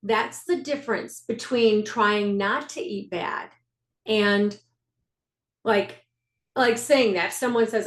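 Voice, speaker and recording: A woman's voice: mid-range voice, measured pace. A woman leading a faith-based health coaching group on a video call, earnest, repeating key phrases and laughing at herself. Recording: echoey room.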